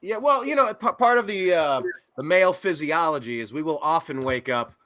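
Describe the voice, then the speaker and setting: A man hosting a casual podcast chat, joking and animated. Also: fairly high pitch, moderate pace, few pauses. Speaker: host.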